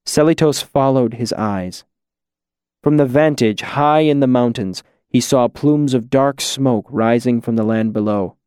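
Male audiobook narrator, unhurried and even, mid-pitched, dry studio sound. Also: clear, resonant tone, no echo. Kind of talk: scripted fantasy narration.

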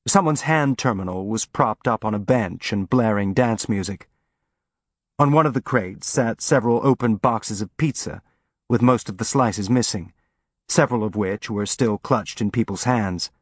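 Guy narrating an audiobook, steady measured read, dry close sound. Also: lowish voice, slightly rough, dry recording.

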